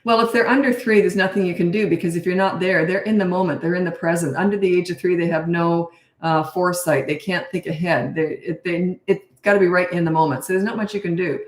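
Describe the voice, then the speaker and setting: A middle-aged woman parenting coach answering questions in a blunt, brisk, no-nonsense way. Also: on the low side, steady tone. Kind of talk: casual Q&A advice. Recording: echoey room.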